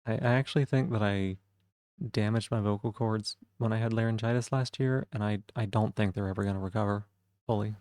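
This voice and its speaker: Low, dark-voiced streamer man with fry. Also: steady tone, a little fast, dry recording, clean studio sound. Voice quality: vocal fry. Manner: thoughtful, musing, self-reflective. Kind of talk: casual live-stream chat.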